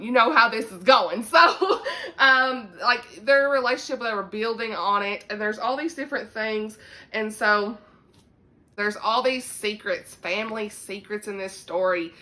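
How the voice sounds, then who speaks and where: Chatting to camera about books, a young Southern book vlogger keeps things easygoing and laughs a lot. Her medium-pitched voice is bright and lively, with a drawl that stretches out every "y'all."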